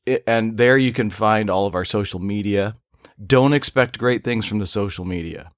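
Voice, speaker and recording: A man's voice: on the low side, moderate pace, dry recording, clean studio sound. A man co-hosting a casual comedy podcast, loose and jokey, laughing often. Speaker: podcast co-host.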